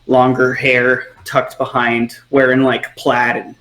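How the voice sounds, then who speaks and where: A man's voice: mid-range voice, completely flat delivery, takes it slowly, a bit bright. Laid-back male game master, echoey room. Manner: loose, filler-heavy narration. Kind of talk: narrating a tabletop game.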